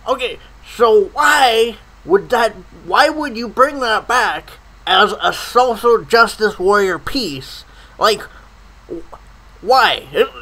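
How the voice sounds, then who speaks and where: A man's voice: sits high, pushed and bright, low-quality recording. A man in a profane comedic rant, swearing constantly and stammering over his words. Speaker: comedy ranter.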